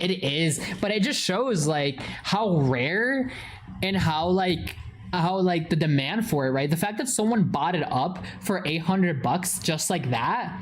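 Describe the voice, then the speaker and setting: Foul-mouthed woman streamer chatting animatedly. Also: a little hiss or hum. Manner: swears constantly, animated storytelling with big pitch swings; greets chat viewers by name. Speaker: livestreamer. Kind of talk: casual livestream chat.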